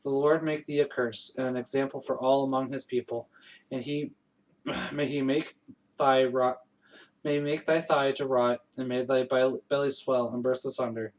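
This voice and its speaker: A man reading the Bible aloud in a plain, steady way, with frequent slips and self-corrections, his voice still strained from allergies. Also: medium pitch, normal speed, low-quality recording. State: recovering voice after allergies. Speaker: Bible reader.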